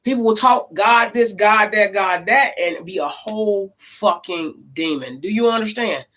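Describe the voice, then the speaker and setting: A woman who reads tarot cards, telling a story in a casual vlog. She talks emphatically and swears, swinging between loud and low. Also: unhurried. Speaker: tarot card reader.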